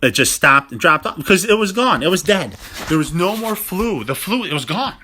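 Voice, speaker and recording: Animated man livestreaming on his phone. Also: high-pitched, moderate pace, slight background noise. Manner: animated, emphatic, rhetorical questions. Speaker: chiropractor. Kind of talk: casual livestream talk to viewers.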